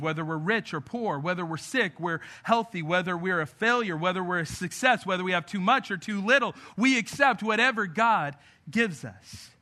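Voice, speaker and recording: A man's voice: high-pitched, pushed and bright. A young man, a pastor, preaching a sermon in a conversational way, with frequent asides to the congregation.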